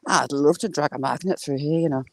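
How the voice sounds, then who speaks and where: A woman chatting casually on a walk by the water, filming on a handheld phone and cooing at ducks in a high sing-song voice. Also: brisk, vocal fry, darkish tone, no echo. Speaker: vlogger. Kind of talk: casual walking vlog. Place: outdoors by water.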